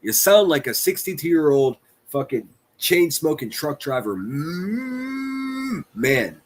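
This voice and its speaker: A man with a higher-pitched, lively voice hosts a livestream at a moderate pace. He offers crude, sarcastic reaction commentary, mocking whatever he's playing.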